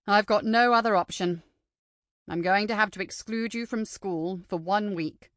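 A woman's voice: medium pitch, normal speed, fairly bright tone, dry recording, clean studio sound, close to an everyday voice. A woman doing a weary male headmaster. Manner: tired, resigned and firm.

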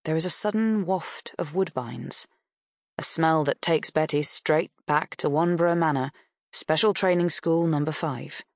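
A woman narrating an audiobook in a measured, even storytelling manner. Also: low-pitched, no echo, clean studio sound.

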